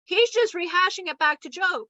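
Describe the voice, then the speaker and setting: A high, bright-toned woman delivers a channeled spiritual lesson in a blunt, animated way, cursing casually. The recording is dry and a little dull, like lo-fi audio. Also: normal speed, dry recording. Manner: animated, blunt and profane, acting out quoted voices.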